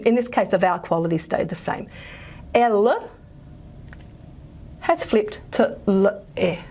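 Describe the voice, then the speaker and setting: Husky chatty woman lecturing. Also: medium pitch. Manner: chatty, self-correcting, many fillers. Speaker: university lecturer. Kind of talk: recorded linguistics lecture.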